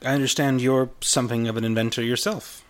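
A man's voice: medium pitch, steady tone, natural voice. A man voicing a middle-aged, Spanish-looking male party host who speaks formally with an Arabic accent, over guitar music. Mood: courtly. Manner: formal, gracious, slow and measured.

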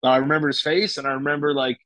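A man's voice: mid-range voice, flat delivery, rapid-fire, fairly bright tone, no room sound, rough recording. A young man telling a personal story in casual chat, with loose, profane talk full of fillers and restarts. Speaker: guest.

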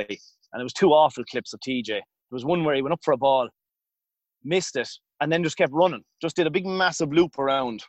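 A man's voice: mid-range voice, quick pace, no echo. A man in his thirties with an Irish accent, telling stories in a rambling, colloquial way as a podcast guest. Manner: rambling, self-interrupting, colloquial. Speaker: podcast guest, former hurler. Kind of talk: casual storytelling.

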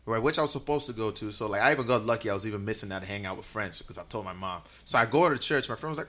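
A young man from Canada, a comedian guest on a podcast, telling an animated story, laughing often and acting out the dialogue. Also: medium pitch, rapid-fire, few pauses.

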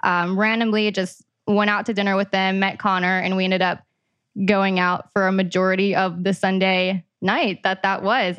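A woman hosting a casual podcast interview over a video call, bubbly and excitable. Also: mid-range voice, clean tone, no echo, dull audio. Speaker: podcast host.

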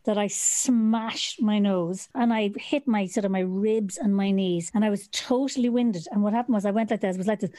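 A woman with an Irish accent, co-hosting a podcast and telling an animated story in a vivid, salty way. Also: medium pitch, normal speed, hardly any pauses, no echo. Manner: animated, vivid storyteller who swears freely. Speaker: podcast co-host. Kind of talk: casual storytelling chat. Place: at home. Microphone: remote podcast mic.

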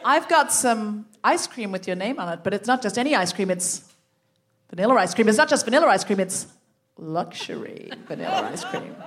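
A woman's voice: extremely high pitch, sing-song, a little fast, sharp tone, a little hiss or hum, pitched above the performer's own voice, exaggerated voice. A woman playing a bold, persuasive nineteenth-century lady writer in an improvised comic sketch. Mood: coaxing. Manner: theatrical, persuasive. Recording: live theatre recording with audience.

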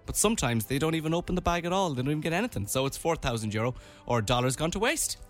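A man's voice: a little high, big pitch swings, very fast, faint music behind. A man from Ireland co-hosting a radio show, chatting casually and reading out items with playful commentary. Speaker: radio host.

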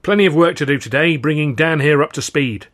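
A man doing a booming, excitable troupe manager. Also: brisk, lightly acted. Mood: urgent. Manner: booming, urgent, hearty. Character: bluff, excitable older male troupe manager.

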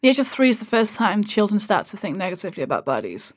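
A woman talking as a guest on a podcast, animated and swearing freely as she acts out remarks people made. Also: medium pitch, quick pace, dry recording, clean studio sound. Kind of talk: casual podcast conversation.

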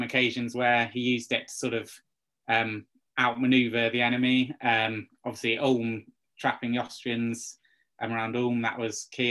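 A man, a historian being interviewed on a podcast, explaining at length with frequent ums and pauses. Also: fairly low pitch, sharp tone. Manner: hesitant, many ums, explanatory. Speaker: guest military historian.

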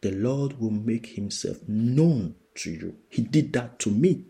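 A man preaching on a podcast, reading scripture aloud and repeating his points with slow emphasis. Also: mid-range voice, lively intonation, vocal fry, warm tone, husky. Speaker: preacher and dream interpreter. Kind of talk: sermon podcast with Bible reading.

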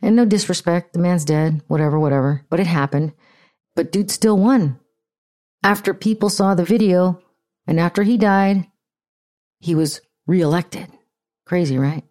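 A woman's voice: lowish voice, moderate pace, pauses often, mellow. An American woman hosting a podcast with blunt, profane, ranting casual commentary. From United States. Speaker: podcast host.

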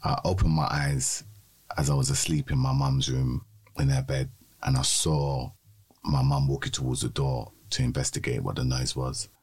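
A man with a strikingly deep voice and a husky, breathy edge. He co-hosts a podcast, telling his story in a measured, steady way. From London. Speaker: podcast co-host. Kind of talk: personal testimony in a podcast conversation.

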